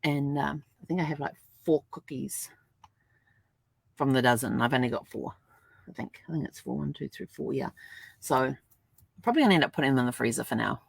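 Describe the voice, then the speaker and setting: A woman's voice: extremely low pitch, animated, a little fast, creaky, pauses often, slightly rough, no room sound. An older woman chatting casually to camera at home, laughing often and acting out little dialogues as she tells stories. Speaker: vlogger. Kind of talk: casual storytelling vlog.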